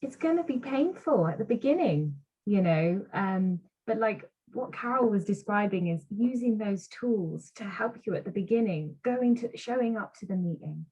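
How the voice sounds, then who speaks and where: A woman's voice: medium pitch, expressive, moderate pace, hardly any pauses, warm tone, breathy edge. A woman co-hosting a podcast, speaking plainly and reassuringly, offering support to listeners. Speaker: podcast co-host. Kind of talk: casual recovery chat. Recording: dull lo-fi sound.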